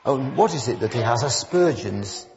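Rambling preacher in a reverberant hall. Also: male voice, mid-range voice, expressive, moderate pace, vocal fry, noisy background. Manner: rambling, conversational, rising to fervent emphasis. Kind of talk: informal sermon with anecdotes. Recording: muffled church recording with long reverb.

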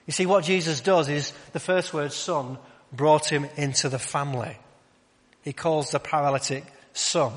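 A male preacher giving a conversational sermon, asking rhetorical questions and dropping to a quiet voice to stress points. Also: on the high side. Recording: long hall reverb.

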